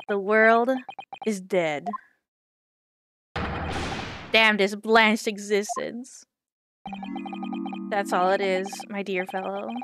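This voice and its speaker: A woman voicing a gloomy, theatrical male detective who grandly mourns his lost violin playing, with game music clearly behind. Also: medium pitch, noisy background, lightly acted. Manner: melodramatic, sighing, grandiose.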